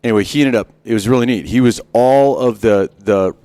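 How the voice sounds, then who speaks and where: A man's voice: medium pitch, brisk, mellow, smooth, no echo. A middle-aged man, a former Marine, telling self-deprecating anecdotes in a casual interview, often restarting his sentences. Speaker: podcast guest, former Marine sniper. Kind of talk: casual storytelling. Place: on a wilderness hunting trip.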